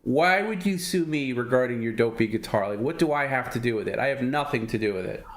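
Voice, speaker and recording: Brief: male stream host, mid-pitched voice, teasing and patient. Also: animated, a little fast. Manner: dry, needling, patient explaining. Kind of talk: livestream banter.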